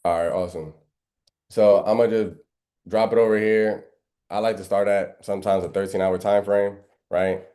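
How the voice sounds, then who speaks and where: In this live trading lesson over screen share, the instructor has a lowish, mellow voice and a flat delivery at normal speed. His teaching is preachy and emphatic, full of rhetorical questions, biblical allusions, and constant "right?" checks.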